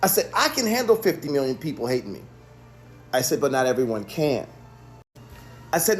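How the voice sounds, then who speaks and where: Male chef, mid-pitched, animated storyteller, earnest and repetitive, soft music underneath. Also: brisk, pauses often. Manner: earnest, repeats himself for emphasis. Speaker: chef and restaurant owner. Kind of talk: storytelling monologue.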